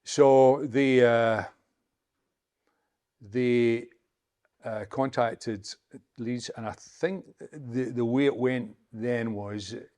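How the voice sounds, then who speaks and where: A Scottish man in his seventies telling a story as an interview guest, halting and repeating words as he chats. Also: mid-range voice, steady tone, darkish tone. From Scotland. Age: 70s. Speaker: interview guest, former footballer. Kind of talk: anecdotal storytelling.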